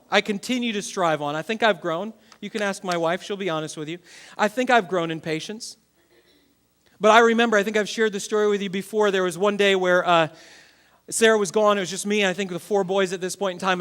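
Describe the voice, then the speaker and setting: Pastor guy preaching, kinda high voice, gets loud then drops way down soft. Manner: animated, swings from loud to quiet. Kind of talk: sermon.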